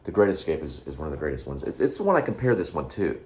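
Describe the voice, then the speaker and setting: A man's voice: rumbling low, sing-song, racing, darkish tone. A man hosting a casual vlog from his apartment, rambling and interrupting himself as he jumps between topics, filmed on a handheld phone. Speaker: vlog host. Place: apartment indoors. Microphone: handheld phone camera selfie.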